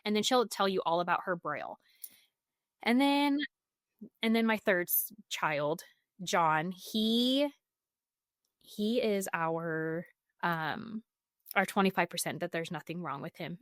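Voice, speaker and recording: A woman, a mother and podcast guest in her thirties, telling stories in a chatty, animated way and often quoting herself. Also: fairly low pitch, measured pace, long pauses, no room sound, studio quality. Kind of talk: conversational storytelling.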